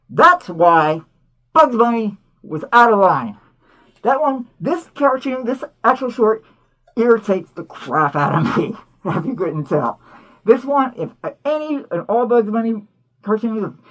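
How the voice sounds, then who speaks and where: A woman's voice: a little high, unhurried. Indignant woman ranting about a cartoon. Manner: animated, indignant, full of rhetorical questions. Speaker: host. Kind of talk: cartoon commentary.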